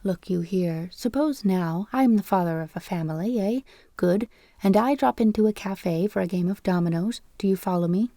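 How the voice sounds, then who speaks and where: A woman reading an audiobook, voicing a shrill, argumentative middle-aged male clerk who talks in a squeaky falsetto and rants insistently. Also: normal speed, mellow, no room sound, close to an everyday voice. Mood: ranting. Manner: ranting, insistent.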